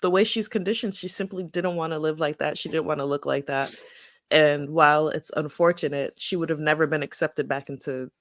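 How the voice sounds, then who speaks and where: A woman's voice: low-pitched, a little fast, no room sound. Woman chatting casually, dry close sound. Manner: conversational, retells scenes with quoted asides. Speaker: podcast co-host. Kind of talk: casual book club chat.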